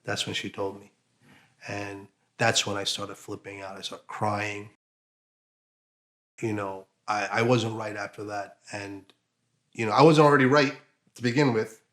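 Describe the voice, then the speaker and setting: A man giving an emotional personal account as an interviewee, halting, with many fillers and restarts. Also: fairly low pitch, steady tone, fairly bright tone.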